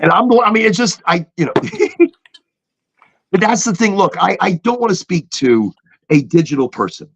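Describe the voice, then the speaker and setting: Lively high-pitched man with gravelly edge. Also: moderate pace, long pauses. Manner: animated, mimics robotic phone voices, emphatic repetition. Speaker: podcast co-host. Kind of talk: casual podcast chat.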